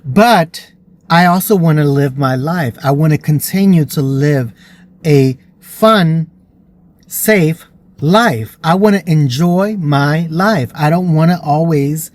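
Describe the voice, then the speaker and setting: A man's voice: fairly high pitch, slow. A man vlogging, telling a personal story in an earnest, emotional way.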